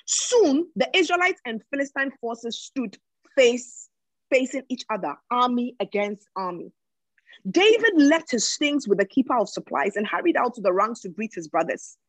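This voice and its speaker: A woman delivers sermon-style Bible teaching, reading passages aloud and then driving home their meaning with emphasis. Her voice sits a little high and carries a husky, breathy edge. The recording is dry and close, with no room sound. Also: very animated, normal speed, no echo, rough recording. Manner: emphatic, reads scripture and explains it, repeats words while thinking.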